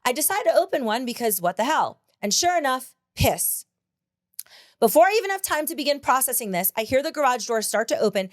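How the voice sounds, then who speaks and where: Woman podcast host: high-pitched, blunt, swears, laughs easily, dry close sound. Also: sing-song, fairly quick, dry recording. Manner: blunt, profane, laughs often. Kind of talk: casual podcast chat.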